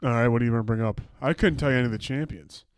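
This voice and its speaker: Rambling, halting man on a podcast. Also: medium pitch, clear, resonant tone, no room sound, clean studio sound. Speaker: podcast co-host. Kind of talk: casual podcast banter.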